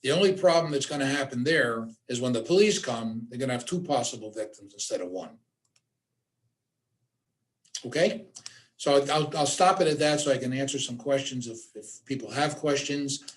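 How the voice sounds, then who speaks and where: A man's voice: mid-range voice, expressive, moderate pace. Direct, emphatic male workshop trainer. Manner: direct, emphatic, repeats key points. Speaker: suicide awareness trainer. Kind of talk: workshop presentation.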